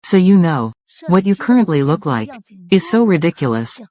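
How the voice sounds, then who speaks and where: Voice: mid-range voice, sing-song, normal speed, darkish tone, lightly acted. A dubbing voice performing corporate rivals in a drama, delivering short, confrontational lines. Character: corporate rivals trading threats over control of a company. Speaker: dub voice for several characters. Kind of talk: dubbed drama dialogue.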